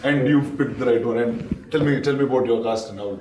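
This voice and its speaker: A man's voice: mid-range voice, very fast, recorded from a distance, crowd noise. A man interviewing film directors in an easygoing, encouraging way. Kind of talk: casual interview questions. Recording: roomy echo, from off-mic.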